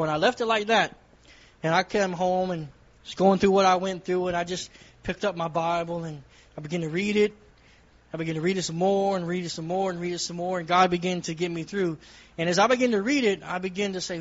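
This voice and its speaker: Man, high voice, earnest testimony, repetitive preaching rhythm, dull lo-fi sound. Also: fairly quick. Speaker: church member giving testimony from the pulpit. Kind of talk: sermon testimony.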